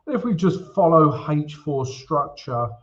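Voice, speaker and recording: A man's voice: a little high, big pitch swings, unhurried, lo-fi sound. An upbeat, chatty man hosting a trading livestream, greeting viewers by name and walking through charts. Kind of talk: casual livestream chat and chart walkthrough.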